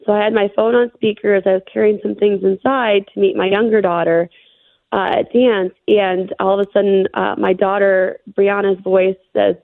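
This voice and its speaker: Gravelly-voiced woman on a phone line. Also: mid-range voice, little pitch movement, no room sound. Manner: shaken, halting, with many fillers. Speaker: interview guest. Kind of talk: telling a personal story. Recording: phone-line interview audio.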